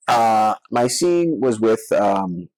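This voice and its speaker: Low-voiced middle-aged man telling anecdotes. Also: lively intonation, slow pace, darkish tone, no echo. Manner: rambling anecdotes full of filler words. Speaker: guest, actor and filmmaker. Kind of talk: podcast interview storytelling.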